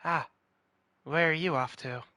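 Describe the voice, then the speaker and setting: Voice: mid-range voice, a little slow, pushed and bright. A player speaking in character in a tabletop game, with wry, mock-formal phrasing.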